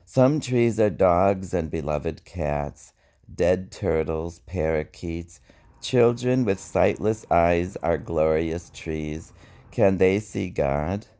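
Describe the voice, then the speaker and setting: A man reading his own spoken-word poetry in a slow, wry, reflective way. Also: deep voice, warm tone. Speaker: poet.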